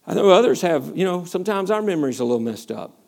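Animated preaching man, fairly high voice. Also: fast, gravelly. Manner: animated preaching, acts out complaining voices, asks the listeners questions. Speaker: pastor. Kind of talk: verse-by-verse Bible teaching.

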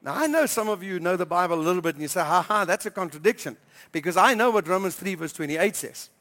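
A man preaching as pastor, emphatic and repeating key phrases, slowing down to stress scripture. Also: sits high, lively intonation, a bit bright, in a large hall. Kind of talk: sermon. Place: church hall.

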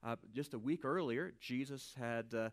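A man giving a conversational Bible teaching, animated and informal, swinging from quiet asides to loud emphasis and often checking in with "right?". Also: medium pitch, normal speed.

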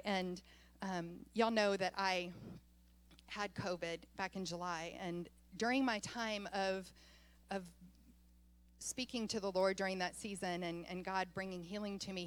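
A woman pastor delivers her sermon as a lively personal story. She talks with animation and slips into laughter often while she tells it. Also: medium pitch.

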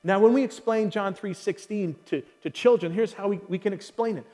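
A man's voice: high-pitched, a little fast, few pauses, mellow. A male pastor preaching a sermon in a large hall, emphatic, repeating key phrases and asking the audience questions. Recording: long hall reverb.

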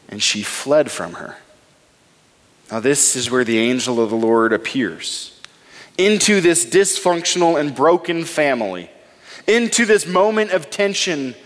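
A male pastor delivering a sermon, retelling a scripture story and reading verses aloud with dramatic pauses. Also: fairly high pitch, fairly bright tone, in a large hall.

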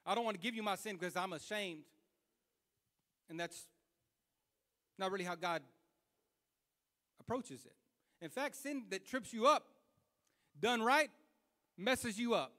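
Male preacher, very high and bright, folksy and fervent, repeats himself and swells in volume. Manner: impassioned, repetitive preaching that builds to loud fervor; colloquial, with slips and restarts. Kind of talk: sermon.

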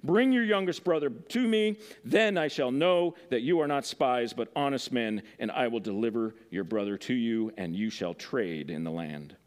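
A man's voice: medium pitch, animated, normal speed, hardly any pauses, voice pushed down, close to an everyday voice. A man reading the lines of a harsh, suspicious ruler in scripture. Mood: stern.

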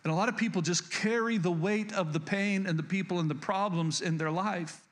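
High-voiced man preaching a sermon. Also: brisk. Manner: earnest, repeats key lines for emphasis; frequent stutters and restarts. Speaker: pastor.

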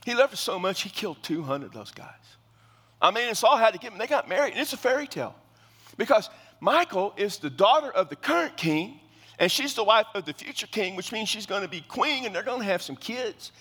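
A middle-aged man preaching a sermon in a Baptist church, telling the story in a conversational, animated way. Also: high voice, brisk, husky. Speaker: pastor. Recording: long church reverb.

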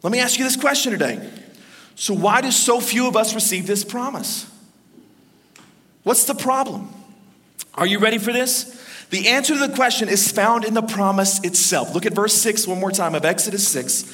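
A man preaching a sermon as pastor, emphatic and storytelling, with dramatic pauses and acted quotes. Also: high-pitched, bright, forceful tone. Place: church. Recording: reverberant church hall.

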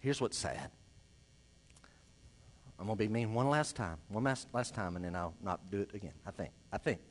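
Animated preacher man. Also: on the low side, normal speed. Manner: animated, swings from loud emphasis to quiet asides. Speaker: pastor. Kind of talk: sermon.

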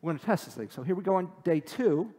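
A man's voice: high-pitched, lively intonation, fast talker, mellow, slightly rough, in a large hall. A man preaching a sermon who reads scripture aloud and then explains it in a casual, conversational way. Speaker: pastor. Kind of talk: sermon, Bible teaching.

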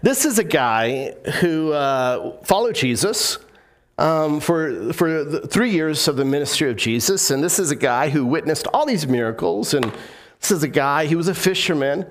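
A man's voice: fairly high pitch, animated, moderate pace. A man preaching a sermon as pastor, telling stories in a casual, joking way with many restarts.

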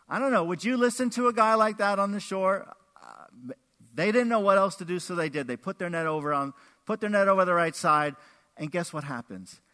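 A man pastor preaching a sermon, animated, acting out quotes with big swings in his voice. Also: high voice, brisk. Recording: echoey hall with long reverb.

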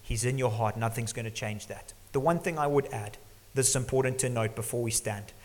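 A man's voice: mid-range voice, fairly quick. Preaching man in a reverberant hall. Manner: earnest preaching, drops to a hush for emphasis. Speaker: pastor. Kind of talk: sermon. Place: church hall. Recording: long church reverb.

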